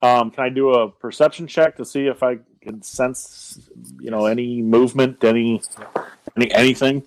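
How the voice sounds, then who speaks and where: A man playing a tabletop game, relaxed and wry as he describes his barbarian's actions. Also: mid-range voice, normal speed, no room sound, low-quality recording. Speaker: player.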